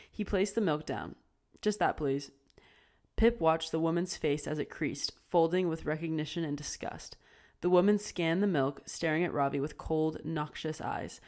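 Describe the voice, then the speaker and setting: Casting note: woman narrator, low voice, steady amateur audiobook reading. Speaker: audiobook reader.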